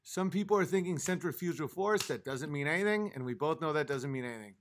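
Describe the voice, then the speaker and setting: On the high side and animated, this man talks at a quick pace over a faint hiss or hum. He's a livestream host reading chat, somewhat tipsy after a few drinks, arguing with it in a profane, exasperated outburst.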